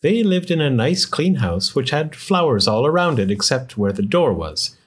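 A man reading a children's picture book aloud in an expressive storytelling manner. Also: medium pitch, moderate pace, slightly rough.

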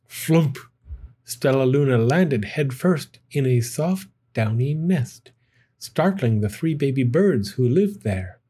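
A man reads a children's storybook aloud with gentle, expressive pacing. His voice sits at a middle pitch, mellow and dark, with a soft husky grain. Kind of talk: children's picture book read aloud.

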